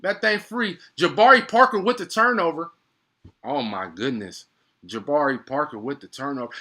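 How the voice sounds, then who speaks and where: Young man, casual live commentary, excitable, slangy, fairly high voice. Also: moderate pace. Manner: excitable, slangy, chatty with viewers. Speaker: live play-by-play streamer.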